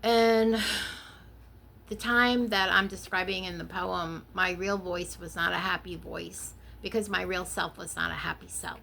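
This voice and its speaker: Middle-aged woman w/ a gravelly edge, reads her own poem soft n low then just chats about it. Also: steady tone, measured pace, slight background noise. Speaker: podcast host and poet.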